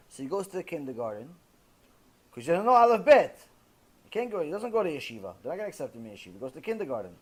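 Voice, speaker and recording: A man lecturing as a rabbi, telling a story in an animated way and acting out the dialogue. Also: on the high side, fast.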